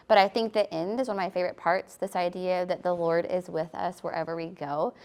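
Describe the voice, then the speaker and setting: A woman's voice: on the low side, steady tone, brisk, few pauses. A woman sharing a Bible verse in casual testimony, chatty and laughing now and then. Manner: warm, chatty, laughs between thoughts.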